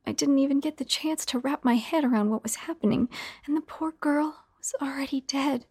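A woman narrating a first-person horror story in a hushed, half-whispered delivery. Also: sits high, normal speed, dry recording.

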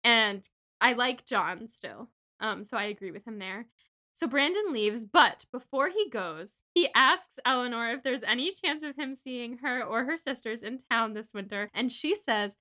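Young woman co-host, casual book chat, gushing and animated, bright tone. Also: fairly high pitch, normal speed. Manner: animated, gushing, tells the plot in a rush. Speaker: podcast co-host.

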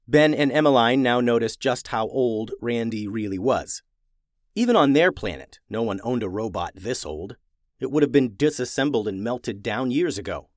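A man reads a children's storybook aloud, his pitch rising and falling with lots of life. The voice is close and dry, with no room sound around it. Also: moderate pace, dry recording. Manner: lively, expressive reading. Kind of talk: storybook read-aloud for kids.

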